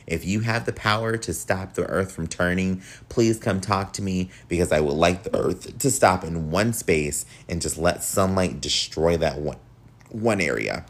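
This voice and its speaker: Deep-voiced nasal podcast host. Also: male voice. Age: young adult. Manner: candid, encouraging, casual with swearing. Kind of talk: solo podcast monologue.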